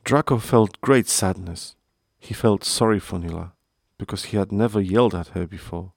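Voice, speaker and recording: A man narrating a storybook in a measured, earnest way. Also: fairly low pitch, gravelly, dry recording, clean studio sound.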